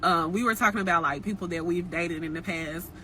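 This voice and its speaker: A woman's voice: fairly low pitch, brisk, pushed and bright, slight background noise. A young woman telling a personal dating story to her viewers in a casual, frank, chatty way. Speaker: storytime vlogger.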